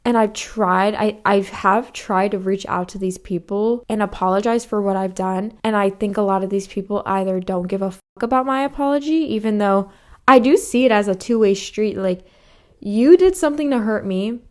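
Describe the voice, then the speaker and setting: A woman's voice: medium pitch, moderate pace. A young woman hosting a solo podcast, talking frankly and confessionally, swearing freely and acting out past conversations. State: slightly out of breath. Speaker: podcast host. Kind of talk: candid solo podcast monologue.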